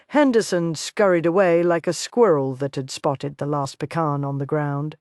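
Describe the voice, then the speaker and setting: An audiobook narrator reading a Western romance in steady, even storytelling. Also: mid-range voice, normal speed, few pauses, dry recording, clean studio sound.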